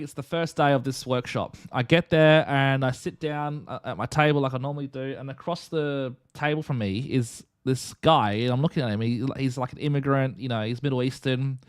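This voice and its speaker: A young man tells a story on his live stream in a chatty, animated way, slipping into the voices of the people in it. His voice sits at a middle pitch. It sounds dry and close, with no room around it. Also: normal speed, clear, resonant tone, dry recording. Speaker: streamer and host.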